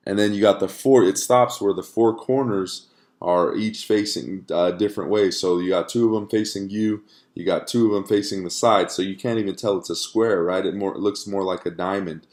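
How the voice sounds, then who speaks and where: A man with a low, deep voice teaches an online course straight to camera. He keeps it conversational and unpolished, with fillers and frequent "right?" check-ins, as if explaining to a friend indoors. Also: steady tone, normal speed, a little mellow.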